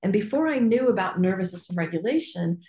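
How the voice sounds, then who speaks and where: A woman coach talks in a casual, candid way, laughs often and drops the odd swear word. Her voice sits at a middle pitch. The recording carries a noticeable room echo. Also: expressive, fast talker, darkish tone. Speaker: business coach hosting a group call. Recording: echoey room.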